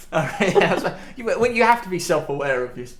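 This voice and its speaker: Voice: medium pitch, expressive, brisk. A podcast host chatting casually, enthusiastic and laughing often. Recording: echoey room.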